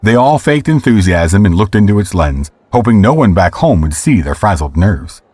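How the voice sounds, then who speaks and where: A man narrating a scripted audio drama in a measured storytelling way. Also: fairly low pitch, big pitch swings, darkish tone, no room sound.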